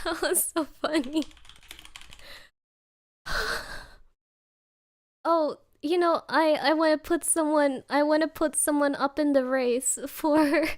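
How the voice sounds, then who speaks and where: A woman from Germany, a streamer in casual chat who keeps breaking into laughter. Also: high voice. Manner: giggly, often breaking into laughter.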